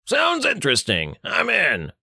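A man voicing a snide, smelly, waddling male adventurer who shouts in a high, strained voice. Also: huge pitch swings, a little slow, creaky, husky, no room sound, studio quality, full character voice.

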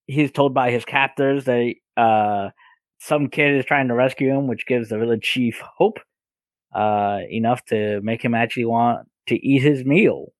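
A man with a mid-pitched voice recapping a cartoon plot on a podcast, hesitant and halting, full of restarts. The sound is dry and close, with no room echo. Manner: hesitant, many fillers and restarts. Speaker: podcast co-host. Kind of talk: casual recap narration.

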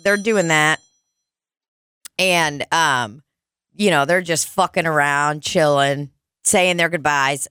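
A woman's voice: low voice, takes it slowly, pauses often, bright, forceful tone, clean tone, no room sound. Give me a joking, foul-mouthed young woman telling stories, dry close sound. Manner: profane, jokey storyteller. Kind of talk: casual storytelling chat.

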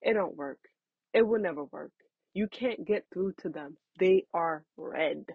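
Frank, husky woman giving parenting advice. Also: on the low side, measured pace, dry recording, narrow, tinny audio. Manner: frank, conversational, addresses listener as honey and baby. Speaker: parenting talk host. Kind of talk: casual advice talk.

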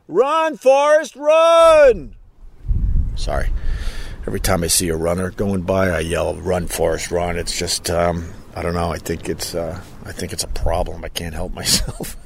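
A man with a deep voice hosts a casual live stream outdoors, and there's a little hiss or hum. He's a podcast host who rambles and jokes while reading viewer comments aloud.

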